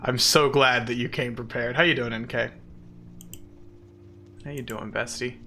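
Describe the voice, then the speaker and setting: A man's voice: mid-range voice, steady tone, measured pace, sharp tone, a little hiss or hum. A man chatting casually with viewers on a live stream, playful and giggly, poking fun at himself. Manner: self-deprecating.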